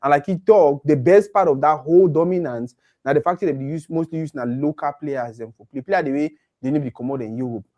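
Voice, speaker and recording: A man's voice: fairly high pitch, brisk, few pauses, muffled recording. A man with a Nigerian accent chatting animatedly about football, slipping into Pidgin. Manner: animated, mixes Pidgin with English. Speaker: co-host. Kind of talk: casual football chat.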